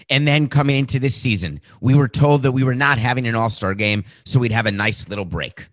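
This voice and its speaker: A man hosting a sports podcast, talking sarcastically and acting out quotes with animated, mocking voices. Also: medium pitch, brisk, few pauses, dry recording, clean studio sound. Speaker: podcast host.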